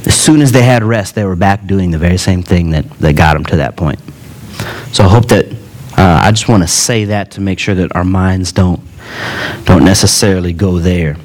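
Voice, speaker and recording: A man preaching a sermon in a relaxed, conversational way, with joking asides between earnest points. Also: low voice, moderate pace.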